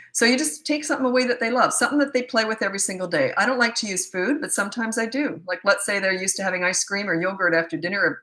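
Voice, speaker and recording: Blunt, bright-voiced woman parenting coach. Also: medium pitch. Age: middle-aged. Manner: blunt, tactless, laughs at herself. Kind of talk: live Q&A answering viewer questions.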